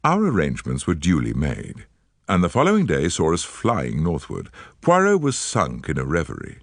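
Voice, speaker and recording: Deep guy reading a mystery audiobook, lots of ups and downs, dry sound. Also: no room sound. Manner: expressive, measured storytelling. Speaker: audiobook narrator. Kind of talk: scripted audiobook narration.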